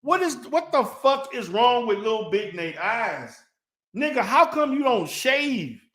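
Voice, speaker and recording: A man's voice: very high voice, big pitch swings, slow, sharp tone. A man ranting in a response video, profane and mocking, heated and insulting. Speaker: online commentator. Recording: echoey room.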